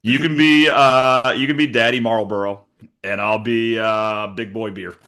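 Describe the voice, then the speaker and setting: Male co-host, bright and forceful voice, jokey and profane, casual banter. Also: mid-range voice, measured pace. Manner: animated, joking, swears freely. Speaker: podcast co-host. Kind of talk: casual chat.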